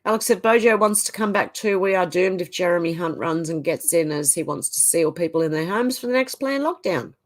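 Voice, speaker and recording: An Australian woman hosts a livestream, reading viewer comments aloud and chatting back casually. Her voice is lowish and animated, fairly quick, with hardly any pauses.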